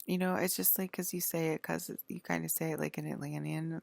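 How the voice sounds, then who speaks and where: Gravelly low-voiced woman ranting. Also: flat delivery, fairly quick, hardly any pauses, no room sound. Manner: rambling, profane and indignant. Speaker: vlogger. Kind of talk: rambling monologue to camera.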